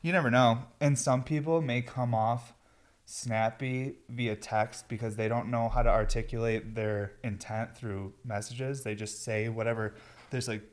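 A man's voice: mid-range voice, steady tone, unhurried. A stoned man hosting a podcast from his garage, rambling in a laid-back way and swearing freely. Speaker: podcast host. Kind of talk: casual rambling chat. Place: home garage.

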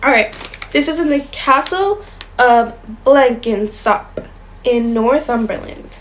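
A woman's voice: fairly high pitch, animated, slow pace, rough recording. A young woman co-hosting a casual chat show, reading ghost stories aloud and stumbling over words now and then. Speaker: podcast co-host.

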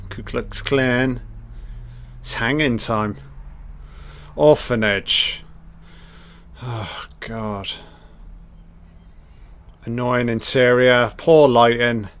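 Man, film watch-along commentator, slow and unhurried, blunt, sarcastic, very sweary. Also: mid-range voice, fairly even intonation, fairly bright tone, clean tone. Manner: dry running critique.

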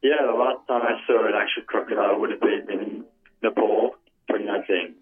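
A man's voice: fairly low pitch, fairly even intonation, fairly quick, phone-quality sound. A young man as a podcast guest, laid-back and blunt in casual chat.

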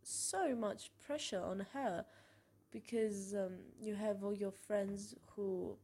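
A young woman speaks in a candid personal monologue, frank and expressive. Her storytelling is casual and outspoken, with the ease of a regular podcast host. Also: mid-range voice, slow, slightly rough.

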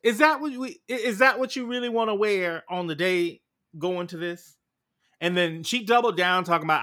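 A man dishes in casual podcast chat with a sassy, animated delivery. His voice is bright and forceful and sits a little high. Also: normal speed. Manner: sassy and animated, calling people heifers. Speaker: podcast co-host.

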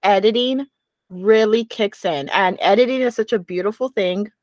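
A woman's voice: mid-range voice, normal speed, darkish tone, no room sound. A young woman co-hosting a podcast, chatting casually and telling a rambling story while laughing easily. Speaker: podcast co-host. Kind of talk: casual chat.

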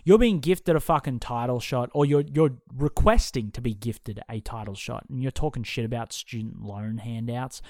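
A man's voice: mid-range voice, expressive, normal speed, a little mellow, no room sound, studio quality. A young man hosting a podcast, ranting heatedly and swearing constantly as he picks apart someone's opinions. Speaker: podcast host. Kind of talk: casual podcast rant.

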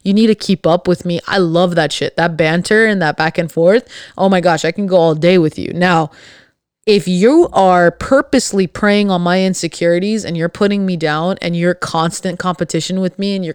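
Sassy, smooth-voiced woman podcaster. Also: fairly low pitch, moderate pace, dry recording, studio quality. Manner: sassy, blunt, emphatic; sarcastic, witty. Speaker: podcast host. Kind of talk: solo podcast monologue.

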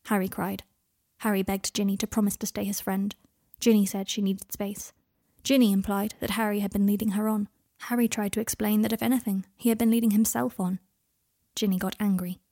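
A woman narrating a fan fiction story aloud in a plain, steady storytelling manner. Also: medium pitch, brisk.

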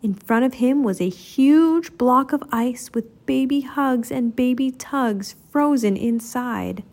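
A woman's voice: high voice, slow, a little mellow. A woman reading a children's storybook aloud, narrating expressively. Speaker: storybook reader.

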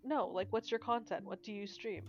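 A woman co-hosting a gaming podcast in casual chat, exclamatory and quick to swear. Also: fairly high pitch, steady tone, highs cut off. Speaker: podcast co-host.

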